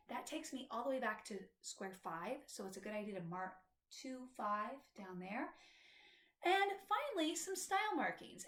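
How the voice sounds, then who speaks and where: Patient woman music teacher, bright lively delivery, roomy sound. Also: a little high. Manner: patient, explanatory teacher talking to students. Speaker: flute instructor. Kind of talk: instructional music tutorial.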